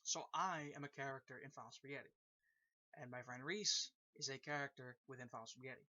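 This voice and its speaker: A man's voice: mid-range voice, brisk, sharp tone, no room sound. A man casually explaining a fan-made story at length, rambling with lots of fillers and repeated phrases. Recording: dull lo-fi recording.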